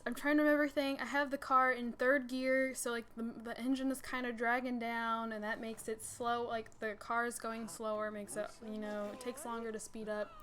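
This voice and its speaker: Young woman host, fairly high voice, animated storytime chat with a faint noise floor. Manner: animated, breathless retelling with many "like" fillers. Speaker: gaming channel host. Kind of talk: storytime chat over gameplay.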